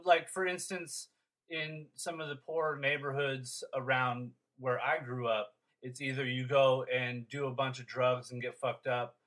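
A man's voice: mid-range voice, sharp tone, low-quality recording. A man hosting a podcast, talking in a friendly, chatty way with lots of restarts. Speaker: podcast host. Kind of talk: casual interview chat.

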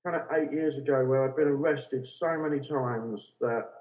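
A man's voice: medium pitch, normal speed, a little mellow. A man with a London accent, talking casually as an interview guest in a laid-back, rambling way. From South London. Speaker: guest artist. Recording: roomy echo.

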